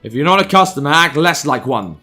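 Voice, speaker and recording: A man reading the lines of a gruff, teasing middle-aged male baker who is a girl's father, in a blunt, mocking way. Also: on the high side, sing-song, brisk, bright, forceful tone, soft background music, full character voice.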